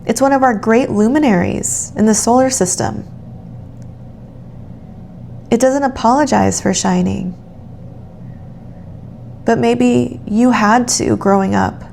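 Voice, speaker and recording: Woman tarot reader, unhurried and reassuring, with a gravelly edge to her voice; soft hiss in the background. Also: on the high side. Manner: gentle, affirming, speaks directly to the listener. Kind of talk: soothing channeled tarot reading.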